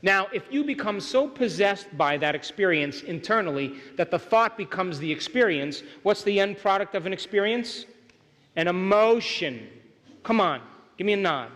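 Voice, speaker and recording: High-pitched, animated and fairly bright in tone, a man lectures a live audience at a motivational seminar, pacing himself moderately. He keeps asking if listeners are following, and his words echo with long hall reverb.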